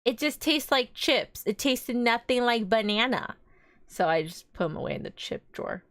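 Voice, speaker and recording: A woman's voice: fairly high pitch, lively intonation, normal speed, fairly bright tone, no room sound, clean studio sound. A young woman streaming live as a vtuber, chatting casually in a rambling, giggly way.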